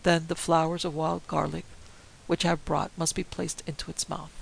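Guy reading as a cold, stern old professor, gravelly voice, bit of hiss. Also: on the high side, little pitch movement, normal speed, a bit bright, poor audio. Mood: dispassionate. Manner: cold, dispassionate. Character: stern older male Dutch vampire-hunting professor. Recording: faint hiss.

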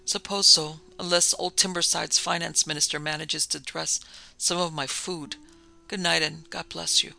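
A man's voice: fairly high pitch, fairly even intonation, normal speed, creaky, pushed and bright, exaggerated voice. A man reading the part of a colonial officer who says goodbye in an offhand, joking way.

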